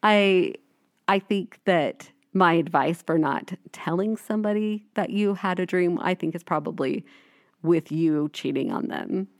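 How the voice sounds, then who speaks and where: A woman's voice: lowish voice, unhurried, no room sound, studio quality. A woman in her forties co-hosting a podcast in casual chat, telling stories and acting out quoted lines. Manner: animated storyteller, acts out quoted lines. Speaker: podcast co-host.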